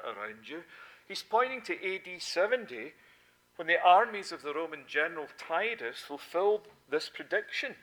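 Forceful preacher man, hushed to booming. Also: rough recording. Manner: swings between hushed, intimate asides and loud, emphatic proclamation; repeats key points for emphasis. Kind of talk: sermon.

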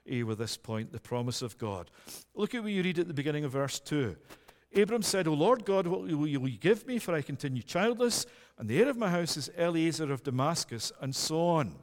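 A man's voice: a little high, long reverb tail. A man preaching an earnest, emphatic sermon, pressing his listeners with questions.

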